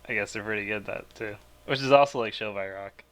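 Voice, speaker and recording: A man's voice: fairly low pitch, quick pace, a bit bright. A man co-hosting a podcast, chiming in with short wry remarks and laughing along. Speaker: podcast co-host. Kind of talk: casual chat.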